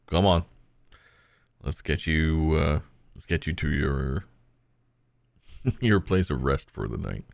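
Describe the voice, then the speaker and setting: A man playing the Norse god Thor, who talks in an offhand, friendly way. His voice is deep and gravelly, and he speaks slowly. The sound is dry and close. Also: expressive, no echo, full character voice. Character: Thor, a jovial male Norse god who hosts warriors.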